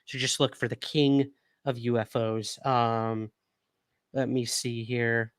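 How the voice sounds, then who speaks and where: A young adult man hosts a casual livestream, reading news items aloud and breaking off to chat with his viewers, calling them guys. He hiccups now and then from sipping whiskey. His voice sits at a middle pitch and sounds dry and close, with no room echo. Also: flat delivery, slow, clear, resonant tone. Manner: chatty, addresses viewers as guys, reads articles aloud. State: hiccuping after drinking whiskey. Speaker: livestream host.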